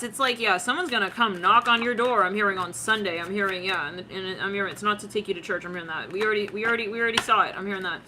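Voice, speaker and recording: A woman's voice: mid-range voice, fast, bright, forceful tone, a little hiss or hum. A woman doing a tarot reading in a slangy, giggly way, acting out what she senses with lots of "it's like". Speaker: tarot reader.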